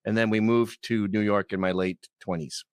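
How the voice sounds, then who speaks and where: A man's voice: on the low side, normal speed, smooth, no room sound. A middle-aged man with a Canadian accent, a podcast guest telling stories casually and acting out the people in them. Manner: animated, acts out quoted people in loud put-on voices. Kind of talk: casual storytelling.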